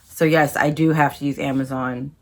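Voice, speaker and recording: A woman's voice: a bass voice, fairly even intonation, moderate pace, a little mellow. A young woman vlogger chatting casually to her viewers, rambling through her thoughts with plenty of asides. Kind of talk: casual chat to camera.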